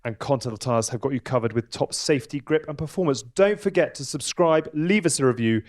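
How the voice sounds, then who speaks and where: A man hosting a live podcast show, brisk and upbeat as he presents. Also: mid-range voice.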